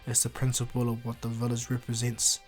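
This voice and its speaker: A man voicing a calm, teasing older-brother ninja, a young man. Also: medium pitch, a little fast, soft background music, natural voice.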